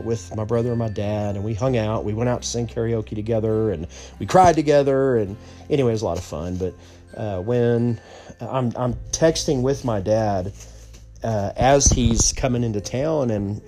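A man's voice: mid-range voice, normal speed, warm tone, soft background music. A man telling a personal story in a casual, rambling way, full of restarts and asides.

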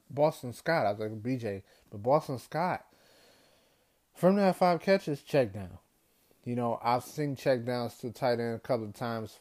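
A man hosting a solo sports show, ranting in an exasperated way, repeating himself and climbing higher in pitch when worked up. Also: darkish tone. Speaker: sports podcast host. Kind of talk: solo sports commentary rant.

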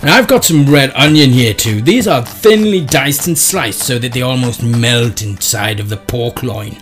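A man's voice: medium pitch, moderate pace, a bit bright, faint music behind. A man playing a chirpy cookery-show host in a comedy sketch. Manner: mock-chirpy TV presenter.

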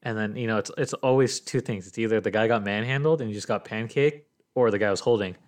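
A young man with a slightly low voice talks through a sports story in a loose, chatty way. He acts out the other people's lines as he tells it. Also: fast. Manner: animated storytelling, acts out quotes. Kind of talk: casual sports chat.

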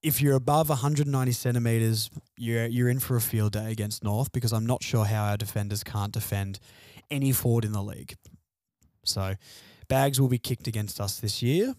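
A man's voice: medium pitch, fairly even intonation, moderate pace, darkish tone, no room sound, studio quality. Frustrated man venting on football. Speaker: fan podcast host. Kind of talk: solo sports podcast rant.

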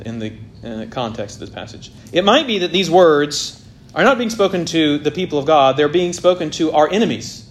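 Man preaching with big swings in loudness. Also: a little high, slight background noise. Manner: dynamic, swells loud and drops very soft. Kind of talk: expository sermon.

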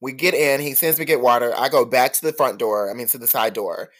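A man hosts a casual solo podcast, spinning stories in a gossipy, animated way. His mid-range voice swoops up and drops low for dramatic asides. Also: a little fast. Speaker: podcast host. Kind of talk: casual storytelling monologue.

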